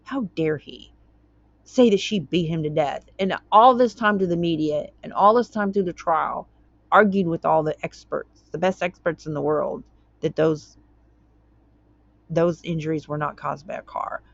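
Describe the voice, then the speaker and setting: Lowish-voiced woman rambling through a court doc, stumbles on words, goes off on tangents, dry slightly muffled audio. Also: normal speed, dry recording. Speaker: channel host commenting on a court case. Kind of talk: casual commentary reading a document aloud.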